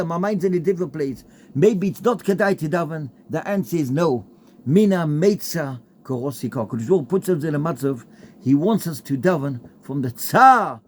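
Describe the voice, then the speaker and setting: A man gives a heartfelt Torah talk built around a story, mixing in Hebrew and Yiddish terms. His voice is a little high with a darkish tone, and there is a little hiss or hum in the recording.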